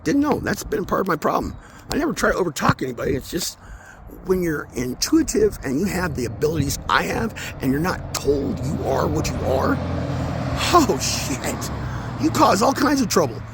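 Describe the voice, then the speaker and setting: Intense, swearing vlogger, high voice that swoops widely, recorded on a phone outdoors near traffic. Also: male voice, very animated, normal speed. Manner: swearing, intense, swings between mumbling and loud outbursts. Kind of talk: rambling spiritual monologue. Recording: outdoor phone audio with street noise.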